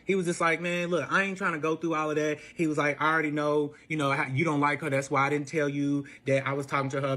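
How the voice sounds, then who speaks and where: A man retelling a messy relationship story in casual speech, animated and profane, acting out every quote. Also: fairly high pitch. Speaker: storyteller guest.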